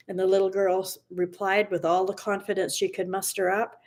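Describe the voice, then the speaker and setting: A woman hosts a morning livestream and reads an inspirational story to her listeners. Her mid-pitched voice is gentle and unhurried, often easing into soft, near-whispered phrases. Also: flat delivery. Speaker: host of a motivational livestream. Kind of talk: inspirational talk and story reading.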